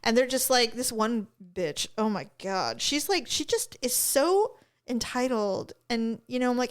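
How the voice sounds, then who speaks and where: A woman co-hosting a podcast in casual chat, animated and blunt, swearing and acting out the people she talks about. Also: on the high side, unhurried, clear, resonant tone. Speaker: podcast co-host.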